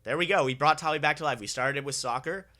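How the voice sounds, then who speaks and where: A man's voice: on the high side, fast talker, pushed and bright. A young man hosting a casual sports podcast, upbeat and teasing his co-host.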